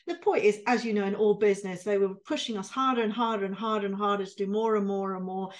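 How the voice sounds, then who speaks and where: A woman co-hosting a podcast tells a story in casual chat, animatedly acting out the voices of the people she quotes. Her voice is medium-pitched, and she speaks fast with few pauses.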